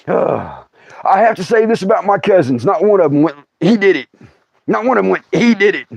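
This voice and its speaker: A man's voice: fairly high pitch, dry recording, dull audio. A middle-aged man telling a comic family story, folksy and laughing often as he acts out his relatives. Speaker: storyteller host.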